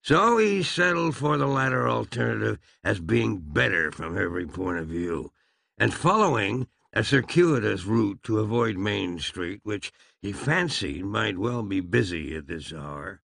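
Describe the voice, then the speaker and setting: A man narrating a comic western audiobook with a wry, lively storytelling manner. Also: medium pitch, creaky, dry recording.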